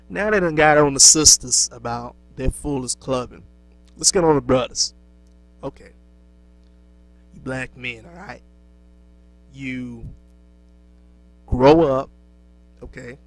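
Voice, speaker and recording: A man's voice: medium pitch, a bit bright, poor audio. A man lecturing in a preachy monologue, asking rhetorical questions and answering them himself, with many fillers and restarts. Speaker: speaker lecturing young black men.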